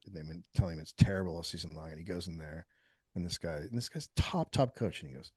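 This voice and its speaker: A man who is a comedian guest, telling a story in casual podcast chat, animated and profane, acting out quotes. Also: low-pitched, fairly quick, slightly rough, dry recording, studio quality.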